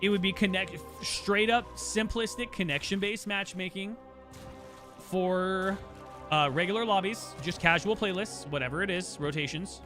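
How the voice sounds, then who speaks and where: Bright high-voiced man streaming a game. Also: normal speed, soft background music. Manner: opinionated, rambling, with frequent restarts. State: voice tiring from a long day of talking. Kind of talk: casual livestream chat while gaming.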